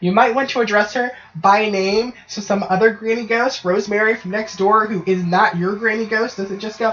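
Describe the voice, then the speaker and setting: A woman's voice: medium pitch, steady tone, normal speed, hardly any pauses. A woman co-hosting a casual podcast, talking loosely and jokily with plenty of swearing and tag questions. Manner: swearing, loose and jokey, frequent "right?". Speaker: podcast co-host. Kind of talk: casual chat. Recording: dull lo-fi podcast audio.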